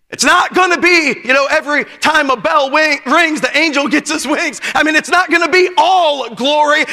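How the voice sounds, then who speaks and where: Man preaching, very high voice, sharp and piercing, long church-hall reverb. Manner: animated storyteller who shouts at the climaxes. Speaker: youth conference preacher. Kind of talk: sermon with personal storytelling. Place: church auditorium.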